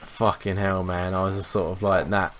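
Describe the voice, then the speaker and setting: A young man, co-hosting a podcast and telling sweary, animated anecdotes in casual chat. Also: deep voice, moderate pace. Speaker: podcast co-host.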